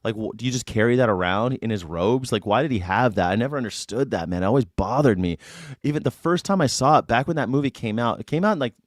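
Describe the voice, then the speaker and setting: A man's voice: mid-range voice, lively intonation, fast talker, no room sound, clean studio sound. Rambling, joking man. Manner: rambling, joking, swearing, breaks into put-on voices. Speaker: streamer reacting to clips. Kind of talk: casual reaction commentary.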